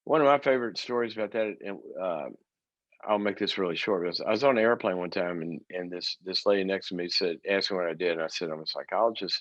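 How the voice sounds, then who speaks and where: A man with a low voice, a psychologist who hosts his own talk show. He tells stories to a studio audience with animated timing and briefly plays the people he quotes. The sound is dry and a little muffled. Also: fast talker, no room sound.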